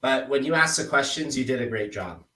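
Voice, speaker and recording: A man talking through sales scripts with a trainee in a relaxed, conversational way. He speaks at an ordinary middle pitch. The recording sounds roomy, with a noticeable echo. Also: a little fast, far from the mic. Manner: relaxed, demonstrates tone with example phrases. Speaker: sales coach. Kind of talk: casual one-on-one coaching.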